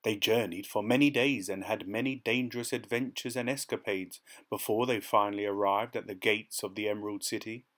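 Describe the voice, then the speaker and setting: A man's voice: lowish voice, brisk, hardly any pauses. Man reading a children's story aloud. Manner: expressive storytelling. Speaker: storybook reader.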